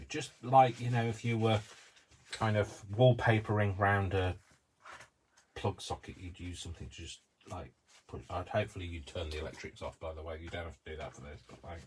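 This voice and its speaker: A man's voice: sits low, normal speed, a little hiss or hum. A man hosting a live craft tutorial, talking casually through each step with rambling, self-mocking asides. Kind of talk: live-streamed craft demonstration.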